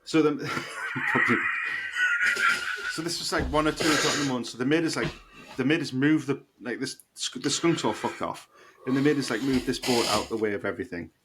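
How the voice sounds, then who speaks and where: Brisk and mid-range in pitch, a man co-hosts a podcast and rambles through a story, laughing, swearing freely, and staying animated throughout. The recording is noisy.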